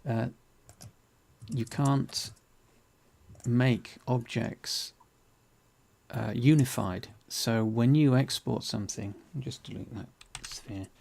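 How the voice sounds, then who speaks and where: A man's voice: mid-range voice, fairly even intonation, slow pace, vocal fry, long pauses, a little mellow. A man casually explaining a 3D program on screen, with many ums and restarts. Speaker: 3D tutorial host. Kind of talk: casual screen-share chat.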